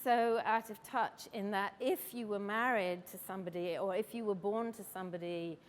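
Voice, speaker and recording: A middle-aged woman with an English accent shares a personal story on stage. She speaks in a reflective, wry, measured way. Her voice carries a long hall reverb. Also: medium pitch. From England. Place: stage event.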